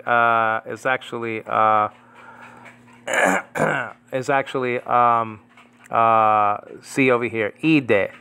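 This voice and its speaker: A man teaching New Testament Greek in a casual, rambling way, slowly repeating the Greek words and chuckling now and then. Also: mid-range voice, pushed and bright, clear, resonant tone. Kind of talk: casual Bible Greek lesson.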